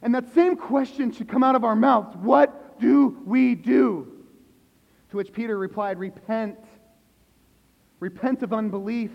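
A man preaching a sermon as pastor, asking the congregation questions and swinging between hushed and loud emphasis. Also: very high-pitched, vocal fry. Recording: echoey hall, dull lo-fi sound.

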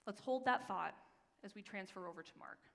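Lady pastor preaching in a church, emphatic, slows way down reading scripture, big echoey room. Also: mid-range voice, vocal fry, a bit bright. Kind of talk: sermon. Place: church sanctuary. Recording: long reverb of a large hall.

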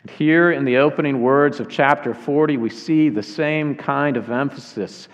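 A man preaching a sermon earnestly, slowing down to weigh key phrases. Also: on the high side. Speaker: pastor. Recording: dull sound with long hall reverb.

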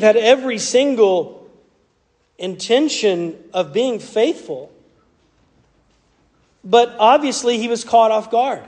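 A Southern American pastor gives an earnest, conversational sermon in a voice notably high for a man, with a darkish tone. The long reverb of a large church sanctuary rings around him.

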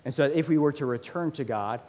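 A man in his thirties preaching a sermon as a pastor, conversational and animated, with lots of fillers. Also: a little high, brisk. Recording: long hall reverb.

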